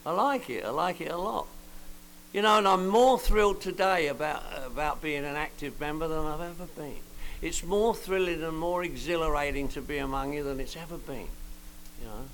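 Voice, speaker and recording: A man's voice: a little high, moderate pace, a bit bright, slight background noise, rough recording. An older man giving a joking, colloquial personal testimony at a recovery meeting. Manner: joking, colloquial storyteller with slangy asides.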